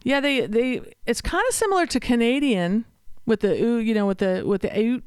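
A woman's voice: a little high, sing-song, moderate pace, clear, resonant tone, dry recording, studio quality. A woman co-hosting a casual podcast, telling stories and slipping into playful impressions. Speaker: podcast co-host. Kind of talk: casual chat.

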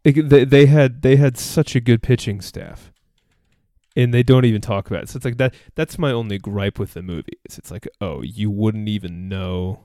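A man's voice: on the low side, normal speed, mellow, no echo, studio quality. A man in a casual podcast chat, eagerly reeling off sports statistics and tripping over his own words. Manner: rattles off statistics eagerly, stumbling and restarting.

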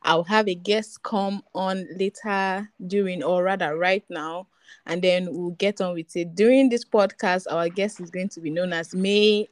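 Playful young woman podcast host. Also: fairly low pitch. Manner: playful, teasing, laughs often. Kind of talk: casual podcast chat.

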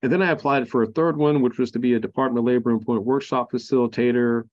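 A male veteran speaking candidly on a podcast, his voice in a middle register, halting with fillers and restarts. The audio sounds slightly muffled and dull. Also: mid-range voice, steady tone, darkish tone. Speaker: podcast guest, Marine veteran. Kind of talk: candid personal storytelling.

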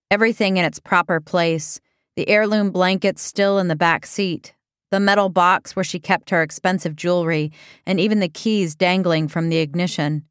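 A woman reading a comic story aloud as narrator, in a deadpan way. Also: fairly low pitch, clear, resonant tone, dry recording, clean studio sound.

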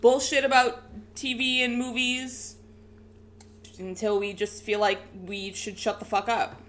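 A woman's voice: a little high, flat delivery, measured pace, fairly bright tone, a little hiss or hum. A young adult woman with an Australian accent, co-hosting a casual podcast, giggly and swearing freely. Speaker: podcast co-host.

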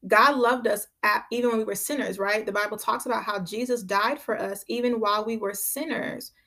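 A woman hosts a podcast with conversational Bible teaching, her mid-range voice steady, brisk, pushed and bright. She speaks emphatically, hammers points home by repeating key phrases, and keeps asking listeners "right?"

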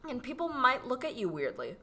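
A woman's voice: sits high, big pitch swings, fairly quick, sharp tone. A woman from the Philippines with a slight Filipino accent, co-hosting a casual chat in a chatty, playful way and laughing easily. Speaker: podcast co-host.

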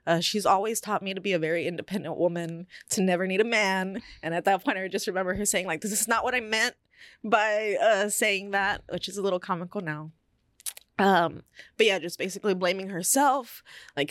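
A woman's voice: medium pitch, fairly quick, a bit bright, dry recording, clean studio sound. A young woman on a podcast, candidly telling a personal story in casual chat, with many fillers. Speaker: podcast co-host.

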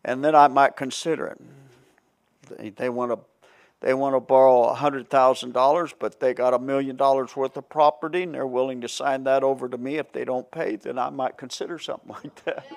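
A man's voice: mid-range voice, fairly even intonation, normal speed, creaky. A man preaching a Bible study sermon in a folksy way, chuckling often and restarting his phrases.

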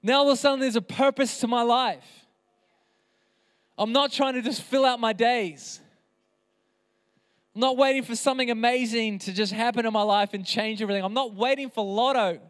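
A man's voice: extremely high pitch, steady tone, normal speed, long pauses, clean tone. Guy pastor preaching hard, repeats his lines, echoey church hall. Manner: impassioned, emphatic, repeats phrases. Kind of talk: sermon. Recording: reverberant hall.

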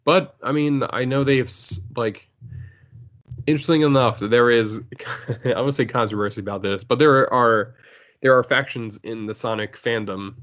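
An excitable man in casual podcast chat, laughing often and tossing in silly impressions. His voice sits at an everyday middle pitch. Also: moderate pace. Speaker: podcast co-host.

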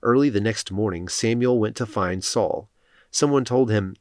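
A man narrates scripture in a solemn, steady read. His voice sits low, and the recording is close and dry, with no room echo. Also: normal speed. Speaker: scripture reader.

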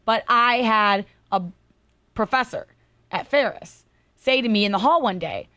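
A young adult woman co-hosting a podcast, telling stories in a chatty, animated way. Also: mid-range voice, normal speed. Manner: chatty, animated storytelling with laughs. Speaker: podcast co-host. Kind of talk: casual chat.

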